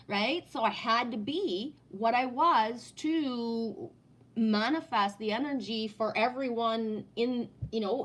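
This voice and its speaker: A woman talking casually on a home live stream, answering chat in a blunt, profane way and often asking "right?". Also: fairly high pitch. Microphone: no headset, sound heard in the room.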